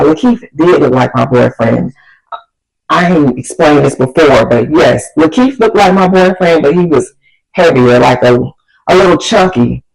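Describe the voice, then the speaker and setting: Animated woman telling a storytime. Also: sits low, rough recording. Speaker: vlogger. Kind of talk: storytime vlog.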